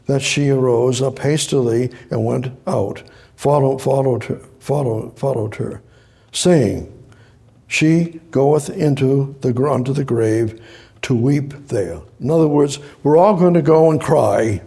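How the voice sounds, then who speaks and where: Gravelly, husky man preaching scripture. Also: mid-range voice, takes it slowly, dark tone. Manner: reads scripture aloud and breaks off to explain it; repeats phrases, rises to emphatic exhortation. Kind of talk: sermon.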